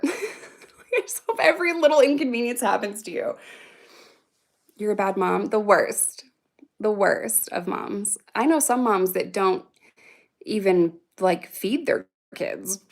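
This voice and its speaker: A woman in her thirties talks on a casual livestream, answering viewer comments as they come in. Her voice has a strong creaky fry, and her pitch sits in a middle range. She rambles and swears freely, laughing often as she goes. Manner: reacts to comments aloud.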